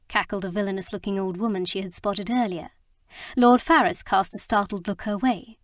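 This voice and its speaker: A woman narrating a romance audiobook with a steady storytelling delivery. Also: medium pitch, a little fast, no echo, clean studio sound.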